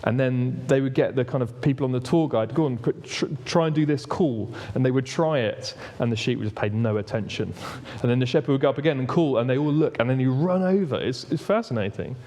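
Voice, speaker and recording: A man's voice: mid-range voice, moderate pace, darkish tone. Man preaching in a reverberant hall. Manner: conversational, with frequent restarts and slide cues. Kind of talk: sermon. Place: church hall.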